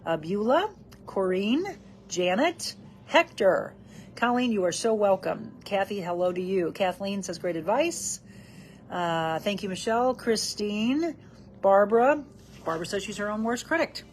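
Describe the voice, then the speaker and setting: A woman's voice: medium pitch, animated, unhurried, a little hiss or hum. A woman hosting a live self-help show, reading out viewer comments by name and encouraging her audience in an upbeat way.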